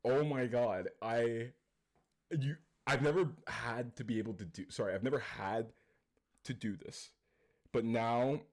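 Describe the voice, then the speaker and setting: A man's voice: mid-range voice, measured pace. A man from Canada co-hosting a podcast, in loose, slangy casual chat with lots of swearing. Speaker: podcast co-host.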